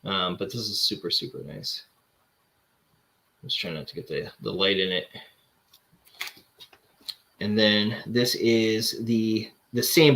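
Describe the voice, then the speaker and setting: A man's voice: lowish voice, fairly bright tone. A man hosting a casual chat, showing off comic books and rambling with lots of fillers and restarts. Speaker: comic collector host.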